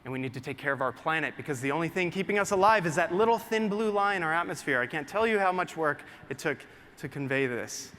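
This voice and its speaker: A young man, a photographer, telling an excited and emotional story to a live audience, getting choked up as he talks. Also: fairly high pitch, quick pace, hardly any pauses. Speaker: photographer presenting his work. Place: large hall with a live audience. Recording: long hall reverb, faint room noise.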